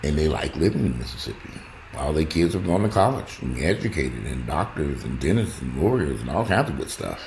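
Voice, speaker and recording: A deep-voiced man rambles to his viewers in a casual monologue. His pitch rises and falls widely as he jumps from loud exclamations to muttered asides. A faint hiss of noise sits behind him. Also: very animated, brisk, gravelly. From United States. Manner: rambling, joking, talks straight to the audience. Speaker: vlogger.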